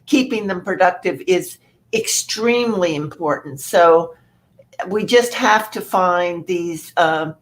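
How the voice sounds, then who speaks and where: A woman's voice: on the low side, slow pace. A woman speaking as a panelist, earnest and stammering with frequent restarts. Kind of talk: panel discussion.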